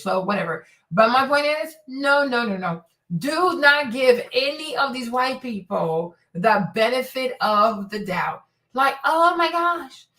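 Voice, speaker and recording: A woman's voice: on the high side, fairly bright tone. A woman hosting a streamed commentary show, talking emphatically and repeating words for stress. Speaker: host.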